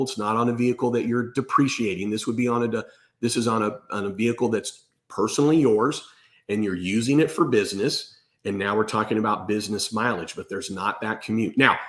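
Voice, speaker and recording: Male accountant host, mid-pitched, blunt and emphatic. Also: fairly bright tone. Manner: emphatic and blunt, repeats "okay?". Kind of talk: direct-to-camera tax advice.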